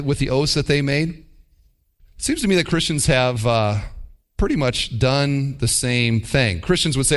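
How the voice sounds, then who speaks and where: A man's voice: on the high side, a bit bright. A man preaching a sermon as pastor, with wry mimicking asides.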